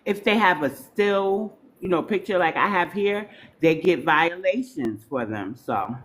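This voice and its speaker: A woman from New York hosting a live stream, talking in a loose, informal, chatty way to her viewers. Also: lowish voice. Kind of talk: casual live stream chat.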